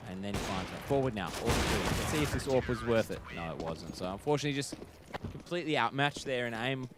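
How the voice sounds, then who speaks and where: A man's voice: mid-range voice, animated, fast talker, noisy background. A man giving joking, self-mocking color commentary on a competitive shooter match. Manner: wry, self-mocking, chatty.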